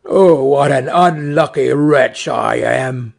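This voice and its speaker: A man voicing a cruel, grumbling male carter with a gruff manner. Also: on the high side, animated, takes it slowly, heavily acted. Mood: despairing.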